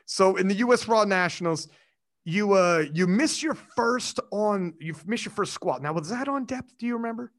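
A man's voice: high voice, animated, normal speed. A man hosting a casual interview, walking his guest through her story with playful asides and frequent laughs. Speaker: podcast host.

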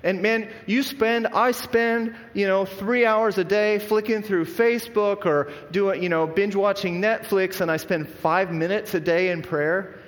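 A man's voice: high voice, fairly even intonation, unhurried, hardly any pauses. A man preaching a sermon as pastor, in an earnest, conversational way with frequent restarts. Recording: long echo of a large hall.

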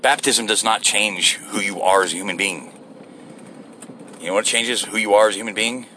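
A man's voice: on the low side, normal speed, slight background noise. A middle-aged man giving a blunt, profane rant to camera in a casual vlog, out near his home. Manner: blunt and swearing, animated. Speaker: vlogger.

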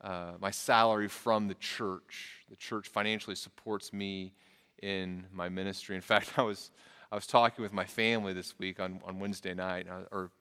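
A man's voice: low voice, steady tone, normal speed, a bit bright, clean tone. A middle-aged man preaching a sermon as pastor in a church, earnest and conversational, often restarting his sentences. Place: church sanctuary. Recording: long reverb in a large hall.

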